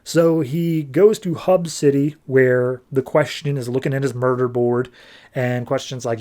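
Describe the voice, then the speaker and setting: A man casually summing up a comic book issue for a podcast, tossing off quick loose voices for the characters as he goes. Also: mid-range voice, fairly even intonation, darkish tone.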